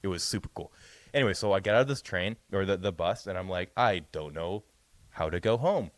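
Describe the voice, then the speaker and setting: A young man co-hosting a podcast, rambling through a profane, animated story in casual chat. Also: deep voice, brisk, dry recording. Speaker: podcast co-host.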